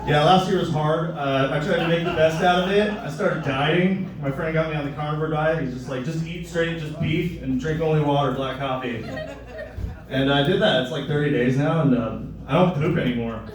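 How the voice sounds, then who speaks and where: A young man performing a crude, rambling stand-up comedy set, jumping into loud high voices for the people he quotes. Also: brisk, hardly any pauses, a crowd in the background. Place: live comedy club. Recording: echoey room, mic a bit distant.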